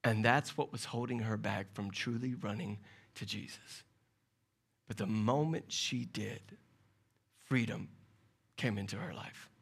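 A man preaching a sermon as pastor, moving from hushed, quiet passages to loud, urgent calls. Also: fairly low pitch, unhurried, gravelly, long pauses, slightly rough. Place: church service. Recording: loud music under the voice.

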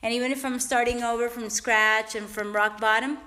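A podcast host, a woman with a slightly high, pushed, bright voice and fairly even intonation, speaks at a moderate pace in an echoey room while exercising. Out of breath, she chats in an upbeat way, encouraging and cheering herself on.

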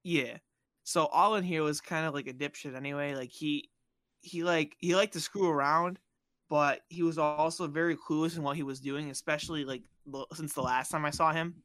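A man from Bosnia, the podcast host, casually telling a childhood story and acting out the people in it with squeaky voices. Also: normal speed, no room sound. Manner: animated, acts out quoted voices in high squeals.

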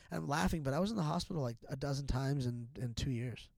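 A man's voice: fairly high pitch, steady tone, fast talker, vocal fry, a little mellow, dry recording. A middle-aged man talking as a podcast guest in a candid, casual chat, rambling and profane, with many restarts and fillers.

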